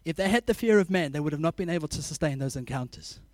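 A man preaching a sermon, telling animated stories, laughing often and acting out scenes. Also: on the high side, fast, dry recording.

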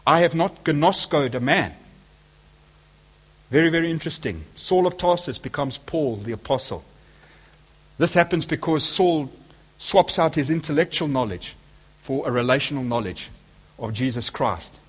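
A man's voice: medium pitch, lively intonation, moderate pace, husky. A man preaching a sermon, speaking emphatically and asking his listeners rhetorical questions.

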